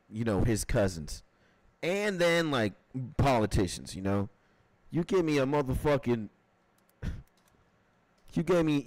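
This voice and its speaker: Male livestream host, casual profane ranter, lively pitch, dry close mic. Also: dry recording, low-quality recording. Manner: animated, profane, repeats "like".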